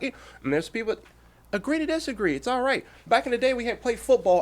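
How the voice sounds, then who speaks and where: A man's voice: very high voice, quick pace. A man in his thirties, a podcast guest, speaking bluntly and profanely and acting out short animal fables. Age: 30s. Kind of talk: casual interview.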